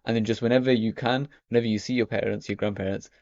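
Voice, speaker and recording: A man's voice: on the low side, steady tone, fast talker, darkish tone, no room sound. A young man talking casually to the camera as a vlogger, rambling and filling his speech with "you know" and "okay". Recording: dry, dull lo-fi audio.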